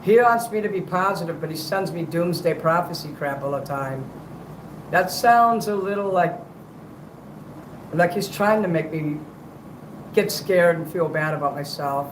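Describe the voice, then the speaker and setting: This livestream clip has a man talking between karaoke numbers, his voice on the high side, measured, and tired and strained as he rambles profanely. The rough recording has room echo and slight background noise.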